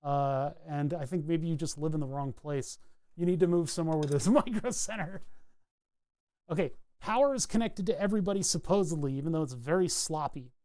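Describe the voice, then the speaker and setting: This New England electronics hobbyist streamer rambles casually as he solders a circuit board, describing each step aloud. He speaks a little fast with a mellow, slightly high voice, and there's no room sound.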